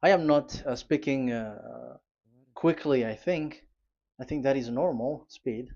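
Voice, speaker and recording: A man preaches while teaching at a board, his delivery slow and deliberate. He pauses often, fills gaps with fillers and restarts, and spells out letters one by one. The recording sounds dull and lo-fi. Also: mid-range voice, vocal fry, darkish tone.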